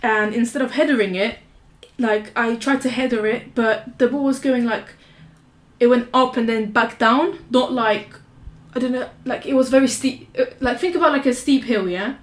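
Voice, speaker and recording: A woman's voice: fairly high pitch, moderate pace. A young woman, telling stories in a casual podcast chat, rambling, restarting and laughing often. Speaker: podcast co-host. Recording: roomy echo.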